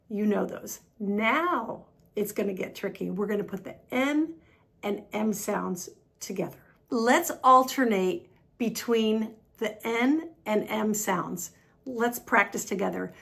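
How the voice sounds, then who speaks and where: A woman with an American accent teaching an online English pronunciation lesson, patient and upbeat, demonstrating sounds slowly and repeating them. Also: mid-range voice, creaky. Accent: General American.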